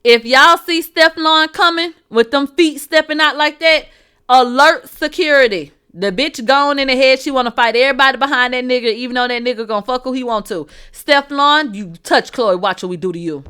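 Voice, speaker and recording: Brash, bright-voiced woman gossip host. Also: normal speed, clean tone. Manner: brash, profane, swings from low asides to loud outbursts; laughs and talks to the chat. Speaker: host of a celebrity gossip show. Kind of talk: livestream entertainment gossip commentary.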